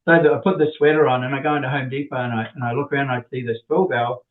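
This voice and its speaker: A man's voice: mid-range voice, steady tone, very fast. Guy inventor rambling through a story, lots of restarts, tinny phone-line audio. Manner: rambling, with many restarts and little laughs. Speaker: inventor, podcast guest. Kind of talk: casual storytelling.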